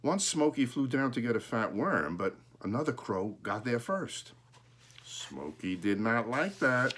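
A man reading a children's storybook aloud, pausing now and then to point out the pictures. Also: mid-range voice, sing-song, a bit bright, breathy edge.

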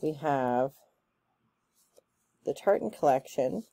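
A woman chatting casually through a gift box unboxing, gushing and excitable, with plenty of ums and likes. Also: extremely low pitch, takes it slowly. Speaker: unboxing vlogger.

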